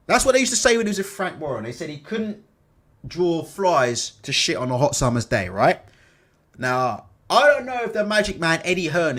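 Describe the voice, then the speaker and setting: A man hosting a casual boxing livestream, animated and bantering, swearing freely. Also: a little high. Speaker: boxing channel host.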